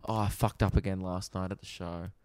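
A young Australian man, a comedian and podcast host, telling stories in an animated, rambling way with plenty of swearing, in a casual chat recorded in a rented apartment. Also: sits low, a little fast, no room sound, studio quality. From Victoria, Australia.

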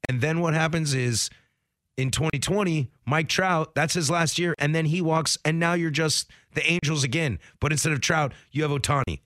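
A man's voice: fairly high pitch, normal speed, a bit bright, no room sound, studio quality. A man co-hosting a sports radio show in casual chat. He rambles with many fillers and acts out the people he quotes. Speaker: radio co-host.

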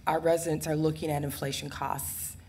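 A councilwoman addresses a public meeting in a low, gravelly voice that stays fairly flat. She speaks haltingly, doubling back and filling pauses as she works through her concerns. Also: slight background noise. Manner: halting, repeats herself, many fillers. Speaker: city councilwoman.

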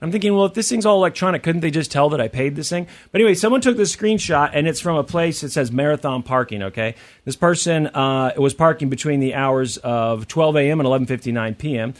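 Fast-talking animated male co-host. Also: fairly high pitch. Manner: quick, animated storytelling. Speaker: radio show co-host. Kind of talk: casual banter.

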